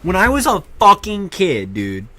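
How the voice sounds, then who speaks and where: A young man telling a rambling, profane story in a casual, animated way, with many restarts. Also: high voice, measured pace, no echo. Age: young adult. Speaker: vlogger.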